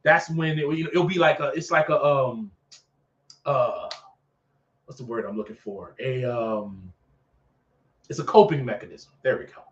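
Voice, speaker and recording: With a medium-pitched voice, normal speed and long pauses, a male podcast host preaches casually and animatedly on his talk show, repeating phrases for emphasis and performing characters in skits. The office recording is echoey and dull, picked up by a far-off microphone.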